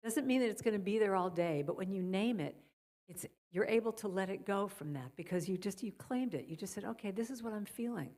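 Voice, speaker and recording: A middle-aged woman speaking as a guest at a church service, softly guiding listeners and telling stories. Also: mid-range voice, fairly quick. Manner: gentle, guiding a breathing exercise then storytelling. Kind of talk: spiritual talk at a church service. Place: church sanctuary.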